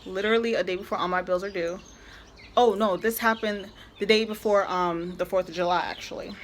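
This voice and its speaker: A young woman vlogger tells a story as a chatty, exasperated rant, leaning heavily on "like" and other filler words. Her voice is medium-pitched and steady, a little fast, with slight background noise.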